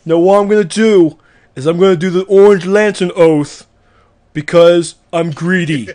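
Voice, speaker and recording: A man's voice: high-pitched, fairly even intonation, moderate pace, darkish tone. A man hosting a podcast in casual chat, playful and laughing often. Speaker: podcast host.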